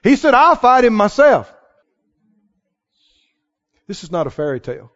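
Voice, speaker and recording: A man preaching a sermon, telling a Bible story with lively, acted-out dialogue. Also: sits high, unhurried. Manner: animated storytelling, acting out the people in the tale. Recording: reverberant hall, somewhat dull sound.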